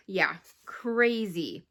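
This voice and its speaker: Woman, book vlogger, casual review chat, unhurried, rambling and emotional, sighing. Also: medium pitch, expressive, bright, forceful tone. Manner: rambling, emotional retelling with sighs.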